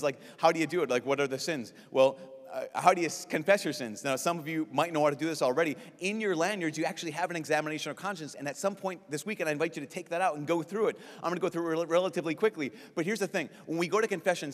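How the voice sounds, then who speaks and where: Animated priest in a big echoing hall. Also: male voice, fairly high pitch. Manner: lively, joking, acts out quick voices. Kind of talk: youth conference talk. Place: large conference hall. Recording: long reverb of a large hall.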